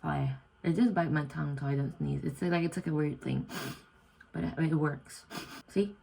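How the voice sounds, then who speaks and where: This casual talking-to-camera vlog features a young Indonesian woman, an exchange student, speaking at a moderate pace with vocal fry and a dark tone. Filmed in her student room at night with rough recording quality, she's chatty and self-deprecating, performing quoted lines in a higher pitch.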